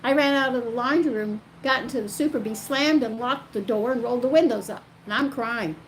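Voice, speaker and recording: An older grandmother telling the story of her own life, animated and emotional. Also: a little high, a little fast, a little hiss or hum, poor audio. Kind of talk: personal storytelling.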